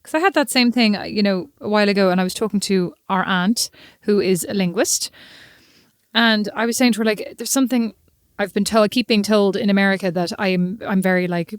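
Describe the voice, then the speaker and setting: A young Irish woman chats on a podcast in a teasing, easy manner. Her voice sits at a middling pitch and sounds dry and close. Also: fairly quick, smooth, no echo. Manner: teasing, chatty. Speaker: podcast co-host. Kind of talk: casual chat.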